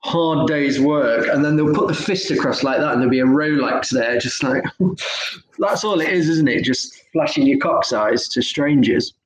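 A man's voice: medium pitch, moderate pace. A man co-hosting a podcast, teasing and laughing often in a casual chat. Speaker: podcast co-host. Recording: echoey room, faint noise.

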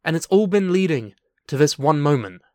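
Sarcastic male podcast co-host, teasing, smooth clear voice. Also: on the high side, very animated, moderate pace, mellow, dry recording, studio quality. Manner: teasing, sarcastic, swears freely. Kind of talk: casual comedic wrestling news chat.

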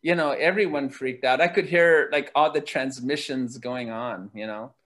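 A man telling a story as an interview guest, lively and laughing as he goes. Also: mid-range voice, normal speed. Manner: lively, laughs while telling, acts out quoted voices. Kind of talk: animated storytelling.

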